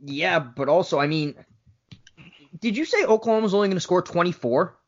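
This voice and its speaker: Lively needling man, lo-fi podcast. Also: sits high. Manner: quick, needling, argumentative. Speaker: podcast co-host. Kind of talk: casual sports chat. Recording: dull lo-fi podcast audio.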